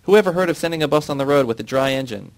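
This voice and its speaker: A man reading aloud and voicing an angry male foreman who shouts his orders in a raised, strained voice. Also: a little high, very animated, fast talker, voice pushed up. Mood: furious shouting. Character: furious bellowing male bus-depot foreman.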